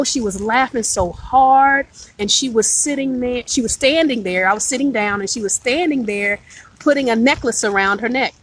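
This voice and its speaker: A woman's voice: on the high side, a bit bright, poor audio. A woman hosting a live stream, telling a personal spiritual story in an earnest, emotional way and greeting viewers as she goes.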